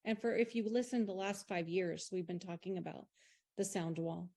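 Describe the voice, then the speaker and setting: A woman's voice: lowish voice, moderate pace, warm tone. A woman bluntly accusing city council members during public comment.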